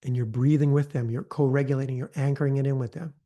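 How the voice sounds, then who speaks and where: Guy running a live training, mellow low-key voice, keeps saying right?, softens up for the sample lines. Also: steady tone, fast talker. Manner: conversational, often tags lines with "right?"; acts out gentle counselor prompts in a softer voice. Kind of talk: live online training talk.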